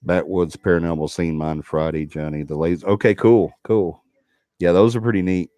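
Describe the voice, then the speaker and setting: A very low-voiced man with a drawl hosts a casual livestream, folksy and chatty as he reads comments from viewers. The sound is dry and close, with no room around his voice. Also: fairly even intonation, normal speed, dark tone, no echo, muffled recording. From Alabama. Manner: chatty, folksy, laughs often. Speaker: paranormal livestream host.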